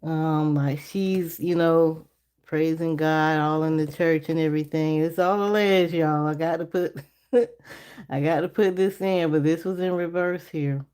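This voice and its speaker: A woman's voice: steady tone, measured pace, darkish tone, smooth. A woman reading tarot on a casual live stream, chatty and laughing often as she talks to her viewers. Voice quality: naturally deep voice. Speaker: livestream tarot reader.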